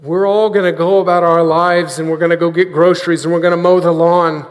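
A man with a high voice preaches an earnest sermon and has the congregation repeat lines after him. His words ring with the long reverb of a big church sanctuary. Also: flat delivery, fairly quick.

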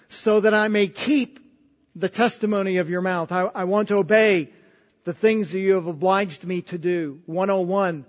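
A man's voice: high voice, steady tone, normal speed. A man preaching a sermon in an earnest way, often repeating words as he goes. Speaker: pastor. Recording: dull sound with long hall reverb.

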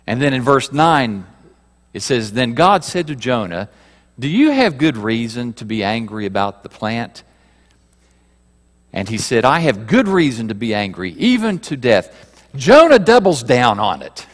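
Male pastor, sermon, slow and expressive, questions the room, reverberant sanctuary. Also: medium pitch. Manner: rhetorical questions to the congregation, swings between loud emphasis and quiet asides.

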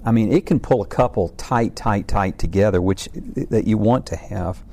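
A man's voice: lowish voice, normal speed, mellow. A middle-aged man giving an informal faith talk about family struggles, earnest and rambling, with many restarts and repeated words.

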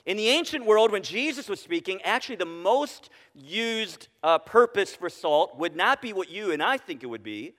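Male pastor, high voice, conversational sermon with questions to the room, hall reverb. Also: big pitch swings, normal speed, hardly any pauses, fairly bright tone. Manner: conversational, asks the congregation questions. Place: church sanctuary.

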